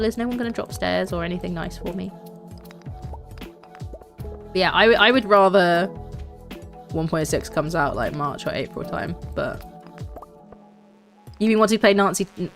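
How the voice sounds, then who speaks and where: A woman's voice: lowish voice, measured pace, long pauses, faint music behind. A young woman, streaming a game and chatting casually in a rambling way, full of fillers. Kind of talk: casual gaming stream chat.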